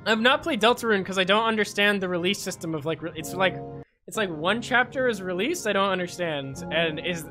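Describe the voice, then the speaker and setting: A young adult woman streamer giving casual gameplay commentary, excitable, swearing and breaking into shrieks. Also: medium pitch. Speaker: game streamer.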